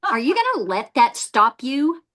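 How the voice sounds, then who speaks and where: A sales team trainer gives a group a motivational training talk in a high-pitched voice at a measured pace. She's a lively storyteller who tells stories and laughs often.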